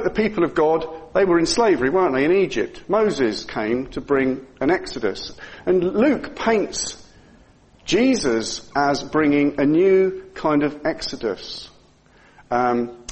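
Lively high-voiced man teaching the Bible. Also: low-quality recording. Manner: chatty, asks the listeners questions, chuckles at himself. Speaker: preacher.

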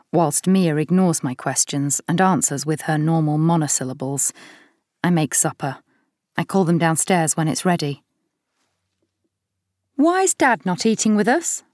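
A middle-aged woman reads a first-person audiobook in a measured, weary way. Her voice sits low, and the recording is close and dry with no room sound. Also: darkish tone, no room sound. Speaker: audiobook narrator.

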